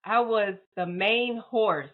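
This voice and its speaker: A woman's voice: medium pitch, slow. A woman guest telling a painful personal story in an interview, heartfelt and emotional, often repeating words and acting out her own past thoughts. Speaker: podcast guest. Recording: phone-like narrow audio.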